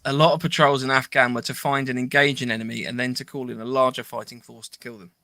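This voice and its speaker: A man's voice: medium pitch, level tone, fast talker, sharp tone, no echo. A man co-hosting a podcast, chatting casually and reading listener comments aloud, laughing easily. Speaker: podcast co-host.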